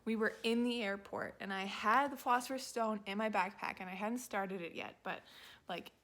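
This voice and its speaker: Girl in her 20s rambling about books, says like a lot, mutters little asides, average pitch. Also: moderate pace. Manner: rambling, heavy use of "like", quiet muttered asides. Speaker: book vlogger. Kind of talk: casual chat.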